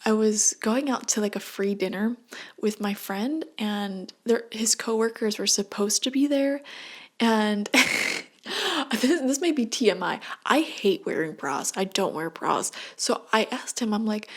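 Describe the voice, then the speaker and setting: A woman giving a casual tarot reading at home late at night, talking in a hushed voice that often drops to a whisper, chatty and prone to tangents. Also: mid-range voice, lively intonation, unhurried. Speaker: tarot reader.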